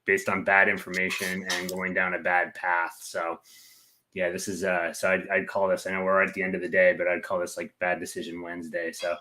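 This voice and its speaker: Low-voiced man, rambling chat. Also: monotone, a little fast, bright, forceful tone, slight background noise. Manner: rambling, full of "like" fillers. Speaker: co-host. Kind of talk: casual chat.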